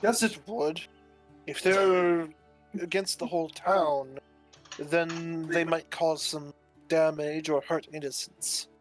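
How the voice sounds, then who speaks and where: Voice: mid-range voice, fairly even intonation, slow, faint music behind. A player speaking earnestly in character during a tabletop game.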